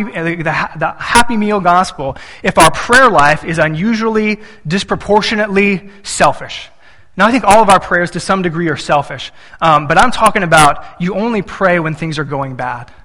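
A man's voice: high voice, sharp tone, in a large hall. A man in his thirties preaching a sermon, telling family stories and acting out little voices when he quotes his son and wife. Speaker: pastor.

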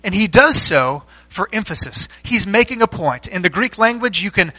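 A man preaching a structured sermon as pastor, teaching point by point with rhetorical questions and deliberate pauses. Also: high voice, expressive, bright, forceful tone, rough recording.

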